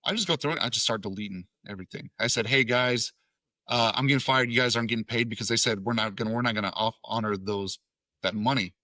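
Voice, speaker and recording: A man in his thirties from Tennessee tells a story as a podcast guest. His voice is bright and forceful. He swears easily and slips into the voices of everyone in the story, and the recording is dry and close. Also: mid-range voice, fast, no room sound. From Tennessee, USA. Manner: profane, acts out quoted dialogue. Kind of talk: casual storytelling.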